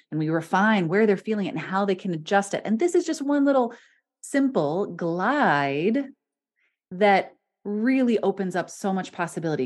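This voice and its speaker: A woman's voice: lowish voice, a little mellow. A woman hosting a podcast as a voice coach, talking animatedly and laughing often between points. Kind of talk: casual podcast conversation.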